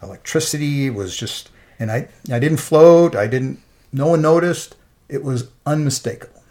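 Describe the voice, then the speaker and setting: A man's voice: medium pitch, moderate pace, darkish tone. A middle-aged man, an interview guest, giving an earnest and emotional personal faith testimony.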